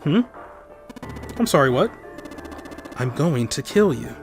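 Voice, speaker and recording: Casting: a man playing a calm, sadistic villain, formal and mocking, slow deliberate delivery. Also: on the high side, gravelly, music in the background, heavily acted. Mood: coldly menacing. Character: cold, sadistic older male villain.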